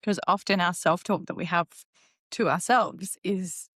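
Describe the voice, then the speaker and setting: Animated woman podcast host, dry sound. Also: lowish voice, dry recording. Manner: animated, emphatic, talks in quick bursts. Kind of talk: conversational interview hosting.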